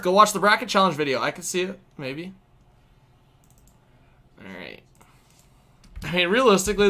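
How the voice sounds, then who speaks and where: A young man hosting a live hockey stream, calling plays excitedly and chatting casually with viewers. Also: medium pitch. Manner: excitable, shouts at big plays, chats with viewers. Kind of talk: hockey play-by-play and chat.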